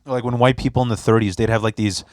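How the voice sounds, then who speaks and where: A man's voice: mid-range voice, fairly even intonation, fast, no room sound, studio quality. A young adult man hosting a podcast, chatting casually and telling loose, profane stories. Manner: loose, rambling, profane storytelling with put-on voices. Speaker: podcast host.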